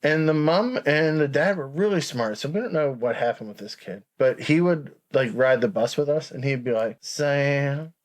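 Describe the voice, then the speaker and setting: A man's voice: medium pitch, normal speed, hardly any pauses. A man co-hosting a podcast, telling rambling stories in casual chat and chuckling mid-sentence. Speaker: podcast co-host.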